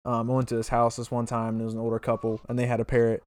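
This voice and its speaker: A man's voice: medium pitch, monotone, very fast, a little mellow, clean tone. A man chatting casually as a podcast co-host, telling long rambling stories full of "uh" and restarts. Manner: rambling storyteller with many fillers and restarts. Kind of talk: casual chat.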